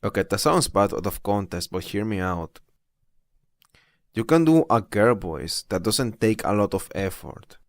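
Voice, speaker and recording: Chatty young man with a low voice. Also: expressive, unhurried, no echo, studio quality. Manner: chatty, incredulous, laughs often. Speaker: streamer. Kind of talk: casual rambling chat while reading posts aloud.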